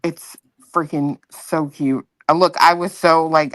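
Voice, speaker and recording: A woman co-hosting a casual chat, relaxed and drawling with many likes. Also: low-pitched, measured pace, no room sound.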